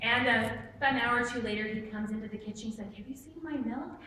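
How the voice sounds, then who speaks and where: A woman doing stand-up storytelling in a church hall, animated and self-mocking as she acts out the people in her story. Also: on the high side, quick pace. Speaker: stand-up comic. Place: church hall with a live audience. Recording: echoey room from far off with noise.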